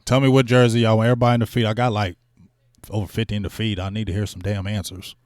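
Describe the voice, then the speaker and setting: This sports talk livestream host speaks very fast in a fairly low voice, recorded at studio quality with no room sound. He chats loosely in slang, stays animated, and hypes donations to his audience.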